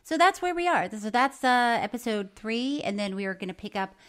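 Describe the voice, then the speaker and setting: A woman co-hosting a comedy podcast, chatting casually and reading listener mail aloud with a quick laugh. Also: on the high side, expressive, fairly bright tone, clear, resonant tone. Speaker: podcast co-host.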